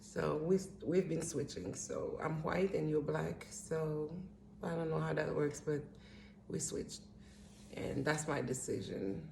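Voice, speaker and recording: A woman's voice: deep voice, vocal fry, darkish tone, a little hiss or hum. A woman with a Haitian accent, speaking in a heartfelt personal holiday video message who often repeats and restarts her phrases. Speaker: pianist. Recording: roomy echo, faint instrument.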